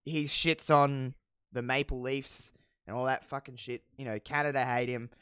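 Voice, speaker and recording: A podcast host casually recapping a wrestling show, telling it with animated, profane storytelling and frequent laughs. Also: mid-range voice, moderate pace, smooth, no room sound, studio quality. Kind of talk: casual chat.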